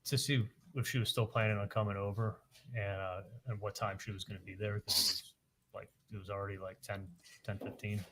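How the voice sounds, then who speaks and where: A man on the witness stand, recounting events haltingly and quoting the dialogue in detail. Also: on the low side, little pitch movement, background noise. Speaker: witness testifying at a trial. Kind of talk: courtroom testimony.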